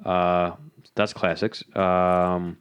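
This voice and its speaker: A man's voice: sits low, flat delivery, very slow, clean tone. A man co-hosting a podcast, chatting casually and jumping in to finish the others' sentences. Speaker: podcast co-host. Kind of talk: casual chat about cartoons.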